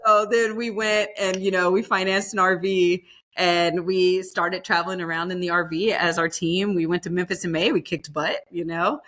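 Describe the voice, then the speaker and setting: A woman who is a barbecue pitmaster, telling stories in a casual, lively way in a podcast interview and acting out the voices of others. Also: fairly low pitch, moderate pace. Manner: lively storyteller, acts out quoted voices; casual, fillers like "like" and "you know".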